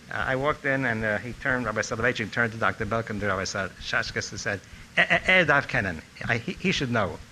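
An older man telling animated stories about a teacher from his student days. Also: medium pitch, a little hiss or hum, poor audio. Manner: animated storytelling, acting out quotes. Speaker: speaker recalling a teacher. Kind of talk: anecdotal reminiscence.

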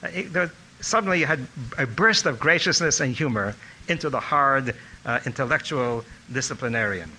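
A man's voice: mid-range voice, normal speed, a little hiss or hum, rough recording. An older man telling anecdotes about his former teacher in a reminiscing speech. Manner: storytelling, animated when quoting others. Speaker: former student giving a tribute talk.

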